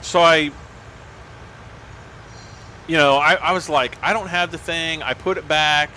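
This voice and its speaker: A man's voice: on the high side, steady tone, measured pace, pushed and bright, slight background noise. A man on a livestream telling a long personal story in a casual, rambling way, full of restarts and "like".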